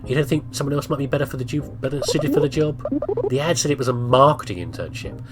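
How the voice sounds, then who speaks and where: A man's voice: mid-range voice, fast, over loud music, natural voice. A man voicing a discouraged young female marketing intern in a game, reading her lines in a glum, doubtful way.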